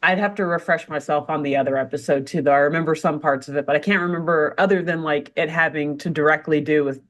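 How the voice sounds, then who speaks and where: A woman's voice: low-pitched, steady tone, fast. A woman co-hosting a podcast in casual chat, laughing often and reacting with playful mock outrage. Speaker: podcast co-host.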